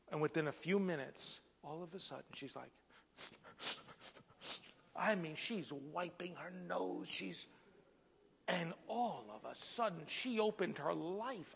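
High, gravelly preacher man in a reverberant hall. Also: a little slow, a little hiss or hum. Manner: animated storyteller, drops to a hushed whisper for God's words. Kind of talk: storytelling sermon.

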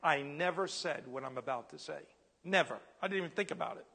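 High, gravelly preacher man in a reverberant hall. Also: fairly quick. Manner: animated storyteller, drops to a hushed whisper for God's words. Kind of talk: storytelling sermon.

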